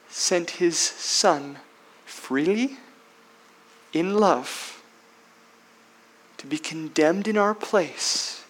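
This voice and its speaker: Pastor, male, high voice, unhurried delivery, emphatic sermon with loud and hushed swings. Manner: asks rhetorical questions.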